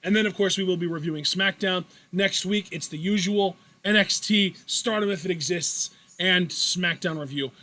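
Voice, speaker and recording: A man co-hosting a casual Q&A show, joking and energetic, wrapping up the episode. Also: high-pitched, moderate pace, few pauses. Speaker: podcast co-host. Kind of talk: casual chat.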